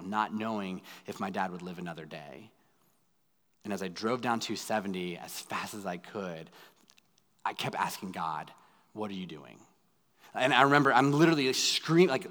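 A man in his thirties, a pastor preaching a sermon in a dramatic way, going from loud pleading to hushed asides. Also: fairly low pitch. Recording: long hall reverb.

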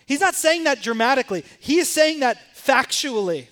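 High-voiced male pastor preaching. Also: very animated, normal speed, hardly any pauses. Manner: swings between quiet intensity and rising emphatic questions. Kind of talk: sermon.

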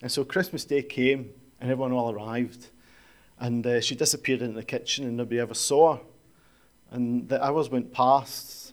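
A man's voice: medium pitch, a little fast. Conversational male preacher. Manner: conversational, rhetorical questions, storytelling. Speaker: pastor. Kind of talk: sermon.

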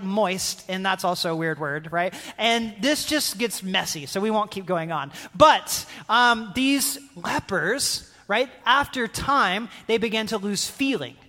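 A man's voice: high voice, sharp tone. A young man from the South, giving a casual, conversational sermon as a guest speaker, keeps checking in with "right?" and acting out quotes. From North Carolina, American South. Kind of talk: youth sermon. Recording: long hall reverb.

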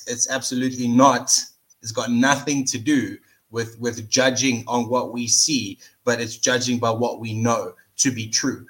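A man in a casual faith podcast discussion, relaxed and quick to laugh, with an ordinary mid-pitched voice. He shifts into an earnest tone when he explains scripture. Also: rough recording. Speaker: podcast co-host.

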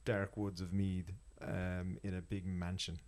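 A man's voice: deep voice, flat delivery, measured pace, a little mellow. An Irish man chatting casually on a podcast, enthusiastically reviewing a festival with many restarts. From Ireland.

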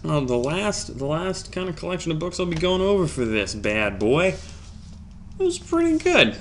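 A man hosting a solo podcast, rambling in a jokey, self-deprecating way, swinging from low mumbles to loud outbursts. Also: very animated, moderate pace, slight background noise. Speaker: podcast host.

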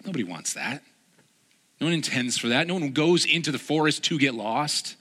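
Male pastor, slightly high, bright voice, animated self-mocking storyteller, long hall reverb. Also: normal speed. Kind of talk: sermon with personal storytelling. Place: large hall before a live gathering.

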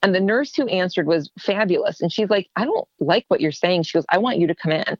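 Female interview guest, lower register, animated storyteller, dry close recording. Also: quick pace, no room sound, dull audio. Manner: animated, acts out quoted dialogue.

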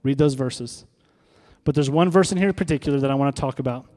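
A man's voice: medium pitch, fast talker, a little mellow, faint music behind. A pastor preaching a sermon to his congregation, conversational, throwing rhetorical questions to the room. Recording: long reverb of a hall.

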